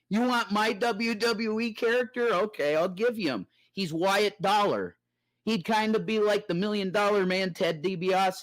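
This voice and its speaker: A man's voice: sits high, fairly bright tone, dry recording. A man ranting theatrically and preachily on a livestream about spiritual matters. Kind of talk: rambling livestream rant.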